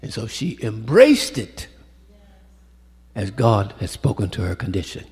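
A man preaching a sermon, swinging from loud calls to hushed storytelling and calling out to the congregation, in a church sanctuary. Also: lowish voice, huge pitch swings, measured pace, breathy edge. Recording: echoey hall with long reverb.

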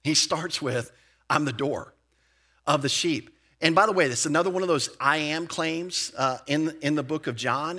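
Bright-voiced man preaching a lively sermon. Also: medium pitch. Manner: lively, conversational preaching with slang and asides. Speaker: pastor. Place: church sanctuary.

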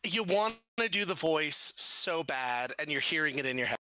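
Male co-host, bright and animated delivery, jokey question reader. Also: fairly high pitch, normal speed.

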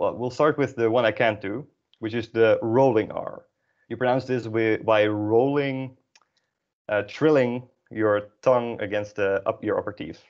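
A young man from the Netherlands with a Dutch accent, teaching a beginner language lesson in a self-deprecating, explanatory way. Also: on the low side. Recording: dull lo-fi audio.

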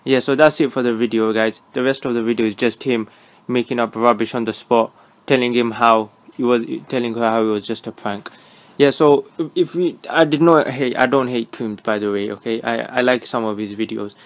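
A man's voice: medium pitch, steady tone, a little fast. A young man giving sarcastic, mocking reaction commentary. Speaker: reaction YouTuber.

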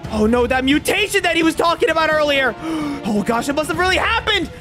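A woman hosting an animated game video, talking excitedly and often panicking. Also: high voice, brisk, few pauses, over music. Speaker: host. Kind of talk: excited narrated game role-play.

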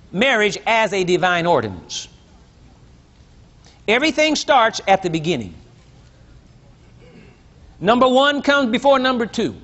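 An older man preaching a sermon, reading scripture slowly and with emphasis and asking his congregation questions, on a dull lo-fi recording. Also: high-pitched, fairly bright tone. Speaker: pastor.

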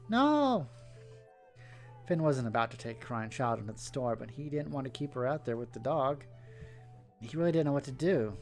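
A man's voice: mid-range voice, darkish tone. A man reading a story aloud, slipping in casual asides between the narration. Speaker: story reader.

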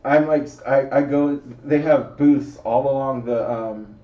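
A man co-hosting a podcast, telling an animated, profane story and acting out what people said. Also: mid-range voice, unhurried. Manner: animated, profane, acts out quotes. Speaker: podcast co-host. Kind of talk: casual storytelling chat. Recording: roomy, distant, dull lo-fi mic.

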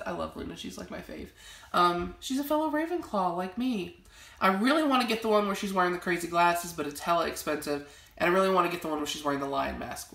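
A young woman talks casually to her viewers at home, gushing about her favorite things and rambling through plenty of fillers. Her voice sits low and has a gravelly edge. The room around her is noticeably echoey. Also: sharp tone. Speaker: vlogger showing a collection. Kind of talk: casual chat to camera. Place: home library.

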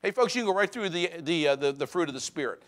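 Animated preacher with a lively, high voice. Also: male voice, quick pace. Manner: conversational preaching, rising for emphasis and dropping low. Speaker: pastor. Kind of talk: sermon. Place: church sanctuary.

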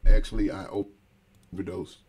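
A man as a podcast guest telling a personal story in a halting, hesitant way with many restarts. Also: low voice, level tone, dark tone, slightly rough.

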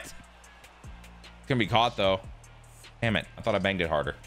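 A young man commentating his own video game in a casual way, his voice leaping from mumbled asides to sudden loud yelps. His tone is bright and forceful, and faint game music plays underneath. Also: lowish voice, moderate pace, long pauses. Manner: excitable, swings from loud outbursts to mumbling asides; self-deprecating jokes. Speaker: gaming YouTuber.

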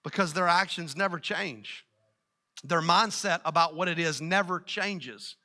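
A middle-aged man preaching a sermon as pastor, energetic and calling out to the congregation. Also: a little high, unhurried.

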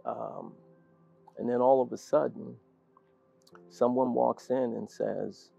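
An older man, a guest in an interview, telling an animated story and laughing often. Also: mid-range voice, slow pace, creaky, husky, soft background music. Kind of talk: storytelling anecdote in conversation. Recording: dull lo-fi sound.

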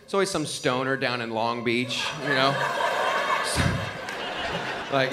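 A male stand-up comedian telling a story with lively, animated delivery and laughing asides. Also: mid-range voice, takes it slowly, pauses often, heavy background noise. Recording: live club recording.

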